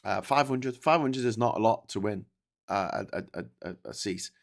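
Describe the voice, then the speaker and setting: A man's voice: on the low side, moderate pace, vocal fry. Man with a posh Scouse accent, rambling and sweary. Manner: rambling, sweary, stop-start with many restarts; reads and answers live chat messages. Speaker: political livestream host. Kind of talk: casual live-stream commentary.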